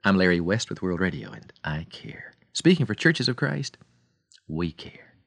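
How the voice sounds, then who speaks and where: A man with a low voice preaches a short radio devotional. He tells his stories dramatically, with lively rises and falls in pitch. The sound is dry and close, with no room around it. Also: normal speed, gravelly, breathy edge, dry recording. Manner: dramatic storyteller, swings between loud and soft.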